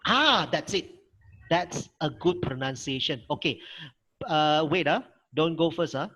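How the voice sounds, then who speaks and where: A man's voice: fairly high pitch, lively intonation, a little slow, bright, forceful tone, breathy edge, rough recording. A middle-aged man with a Malaysian English accent, teaching a Mandarin workshop over a video call, patient and repeating his points. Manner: patient, repeats himself, models tones. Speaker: Mandarin lecturer. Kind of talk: online language workshop teaching.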